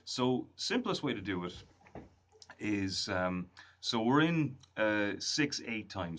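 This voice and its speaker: A man giving a casual music lesson, counting beats and humming strum rhythms in a relaxed way. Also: on the low side, measured pace. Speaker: music tutor. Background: ukulele strumming.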